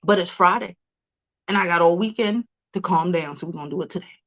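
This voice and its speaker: A woman's voice: on the low side, a little fast, fairly bright tone, muffled recording. A woman hosting a casual celebrity news livestream, chatty, laughing often and cursing freely.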